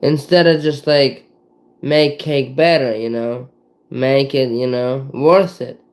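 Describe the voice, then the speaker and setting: A man vlogging in a casual monologue, halting and rambling, searching for words with many fillers and restarts. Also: mid-range voice, darkish tone, low-quality recording.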